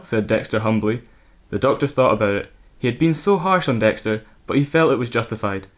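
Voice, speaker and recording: A man, co-host of a podcast, reading crude fan fiction aloud in a mostly deadpan voice and chatting casually about it. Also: on the low side, a little fast, few pauses.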